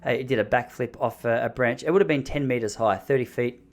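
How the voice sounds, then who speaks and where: A young adult man hosting a podcast, telling a story casually in an animated, jokey way. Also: medium pitch, quick pace. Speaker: podcast host.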